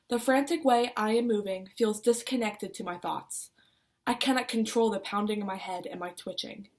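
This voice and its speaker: A woman's voice: medium pitch, darkish tone. A young woman reading her own personal essay aloud, putting feeling into her quoted lines. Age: young adult. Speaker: student reader.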